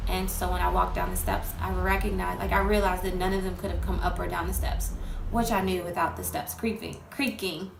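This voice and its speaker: A woman with a gravelly, mid-pitched voice tells a personal ghost story in a loose, candid way, swearing freely and calling her listeners "y'all". She was recorded in an echoey room with a steady noise underneath. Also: fairly quick. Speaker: guest storyteller. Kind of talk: casual spoken ghost story.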